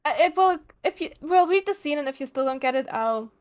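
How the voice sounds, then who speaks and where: Woman, co-host, casual read-along chat, teasing, blunt, swears, fairly high voice. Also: animated, a little fast.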